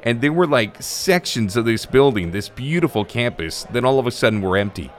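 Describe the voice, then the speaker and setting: A man, once a stadium broadcaster and PA announcer, telling a casual, animated story in a conversational way. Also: mid-range voice, a little fast.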